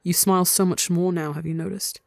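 A gentle young man who speaks soft and low, reassuring his partner with steady tenderness, as a reader puts him on. It sounds like an audio story, in a mid-pitched voice recorded close and dry. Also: normal speed, no room sound, natural voice. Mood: tender.

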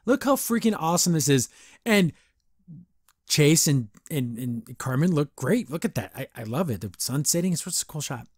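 Young guy on a podcast gushing about a show, kinda high voice, dry close sound, rambly and excited. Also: normal speed, husky, dry recording. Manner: excitable, rambling fan talk. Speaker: podcast host. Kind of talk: casual episode review.

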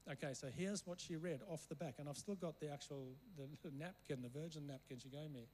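A man's voice: fairly high pitch, fast talker, a little mellow, a little hiss or hum, low-quality recording. Raised-voice African-born man preaching. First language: not English. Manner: rambling anecdotes, keeps checking in with the room. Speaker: guest preacher. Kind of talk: storytelling sermon.

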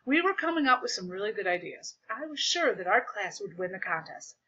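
A woman reading a children's book aloud in an animated, expressive way, in a dull lo-fi recording. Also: mid-range voice, a little fast. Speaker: storyteller.

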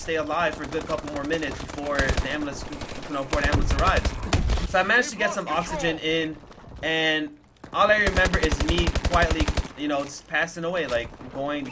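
A man's voice: fairly high pitch, background noise. Emotional young man telling a story. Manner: casual, emotional retelling with swearing and repeated fillers. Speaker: gaming YouTuber.

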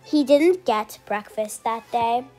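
High-voiced woman reading a picture book. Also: takes it slowly, mellow, faint music behind. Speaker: storyteller. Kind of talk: children's book read-aloud.

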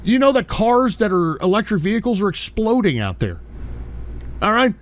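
A man's voice: sits high, big pitch swings, moderate pace. A man hosting a call-in radio show, ranting and swearing constantly in exasperation. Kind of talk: profane call-in radio rant.

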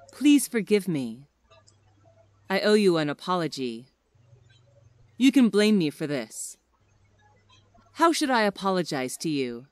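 A woman slowly reading everyday English phrases one at a time for learners, with a deliberate teaching delivery. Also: lowish voice, dry recording.

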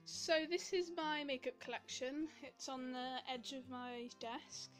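A woman's voice: high voice, measured pace, soft background music. A young Welsh woman chatting casually to camera about her makeup, rambling and giggling, a little out of breath. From Wales. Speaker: beauty vlogger.

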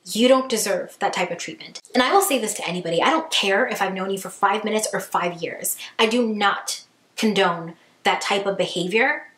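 A woman vlogger telling a story in a lively, chatty way, full of fillers and acted-out quotes. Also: mid-range voice, moderate pace, roomy sound. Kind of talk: storytime vlog.

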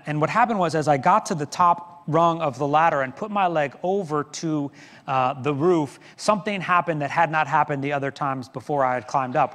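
A middle-aged pastor delivers a sermon from the pulpit, telling a story with self-deprecating humor. His voice is a little high for a man and a bit bright, and a long reverb from the church sanctuary trails his words.

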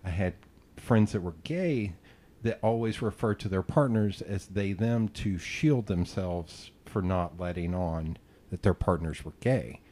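A male podcast host with a low, warm, mellow voice, talking in a loose and casual way. He rambles through personal stories, curses freely and jokes at his own expense. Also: measured pace. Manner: rambling, profane, self-deprecating storytelling. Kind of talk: casual interview chat.

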